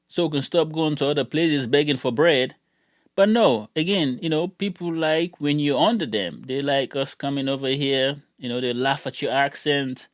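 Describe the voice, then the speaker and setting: A man's voice: mid-range voice, no echo. Heated rambling man with a dry sound. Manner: heated, rambling, repeats words when worked up. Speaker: gun channel YouTuber. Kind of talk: casual ranting vlog.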